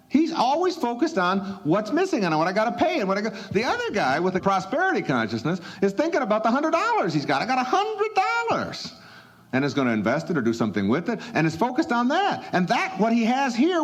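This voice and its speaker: A middle-aged man giving a motivational talk, telling stories and acting out little dialogues. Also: high-pitched. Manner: animated storyteller, acts out little dialogues. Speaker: motivational speaker. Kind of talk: motivational talk to a live audience.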